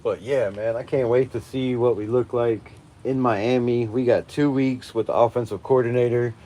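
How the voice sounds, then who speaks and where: Man in his forties, live-stream rant, swearing a lot, mellow dark voice. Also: medium pitch, fairly even intonation, normal speed. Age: 40s. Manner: profane, emphatic, laughing often. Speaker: fan channel host. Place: outdoors at night during a storm.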